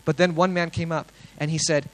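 A young man sharing a testimony with a congregation, telling his story earnestly and excitedly, with plenty of fillers and restarts. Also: a little high, a little fast, rough recording.

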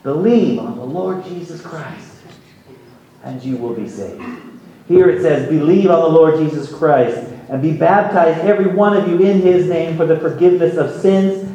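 A man's voice: fairly high pitch, normal speed, warm tone, highs cut off. A male pastor preaching a sermon in a conversational way, with offhand asides and humor. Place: church sanctuary. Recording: very echoey hall, mic far off.

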